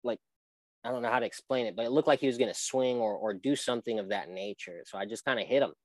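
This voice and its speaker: A man's voice: mid-range voice, fast talker, no echo, poor audio. A young man, a guest on an interview show, telling a personal story in an earnest, rambling way with many restarts. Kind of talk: personal testimony in a casual interview.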